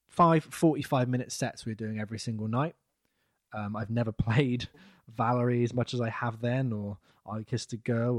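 A man's voice: medium pitch, no echo. Man, podcast co-host, casual rambling chat, dry sound. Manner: rambling, chatty, trails off softly.

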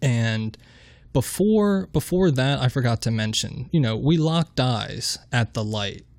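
A man's voice: medium pitch, lively intonation, a little slow, gravelly, a little mellow, no room sound, clean studio sound. A man telling a rambling story in casual chat, swearing freely and restarting his sentences.

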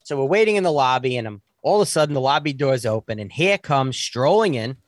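A man in his forties telling a story in casual talk, animated and often restarting his sentences. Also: medium pitch, fast, no echo. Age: 40s.

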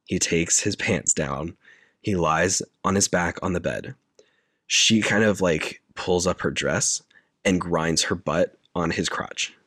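A man's voice: deep voice, takes it slowly, a bit bright, no echo, clean studio sound. A man casually retelling a film's scenes in detail on a podcast, talking in a loose, filler-heavy way. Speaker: podcast co-host recapping a film. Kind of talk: casual chat.

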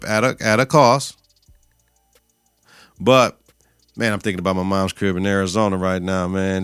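Male podcast host, bright gravelly voice, dry close sound, slangy profane recap. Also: low-pitched, no echo. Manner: profane, slangy retelling with quoted lines. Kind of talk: casual TV episode recap.

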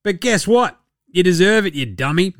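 An Australian man hosting a sports podcast, talking in a profane, joking, excitable way. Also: high-pitched, normal speed, dry recording, studio quality. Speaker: podcast host. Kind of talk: casual sports commentary.

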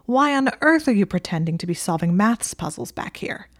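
A woman reading the part of an indignant, sharp-tongued young woman librarian, emphatic and exasperated. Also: mid-range voice, expressive, moderate pace, no echo, studio quality. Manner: exasperated, emphatic, rising to near shouts.

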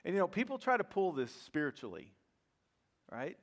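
A middle-aged man preaching a sermon, telling a humorous personal story in a lively, self-deprecating way. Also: high voice, normal speed. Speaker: pastor.

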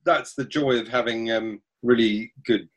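A man hosting a casual podcast interview, making dry jokes and talking haltingly, with many restarts. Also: mid-range voice, steady tone, muffled recording. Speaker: podcast host.

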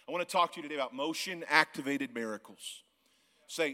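A man in his forties, a guest pastor from the Missouri Ozarks, preaching a sermon in a church auditorium, loud and yelling, often laughing. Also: on the high side, quick pace. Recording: long church hall reverb.

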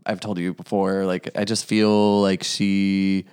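Young man, low voice, chatty podcast guest; filler-heavy, laughs easily. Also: level tone, slow pace, darkish tone, smooth. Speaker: guest telling a personal story. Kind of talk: casual chat.

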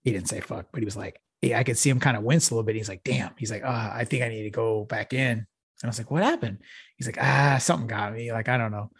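A man's voice: lowish voice, steady tone, quick pace, gravelly, breathy edge, no room sound, clean studio sound. A middle-aged man from Texas, a podcast co-host telling a rambling, profane story in a casual chat. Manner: profane, laid-back storytelling with frequent laughs.

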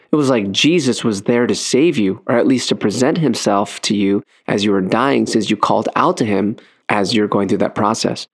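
A man hosting an interview show, calmly summing up his guest's story and asking follow-up questions. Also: medium pitch. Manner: measured, sums up and asks questions. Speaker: host.

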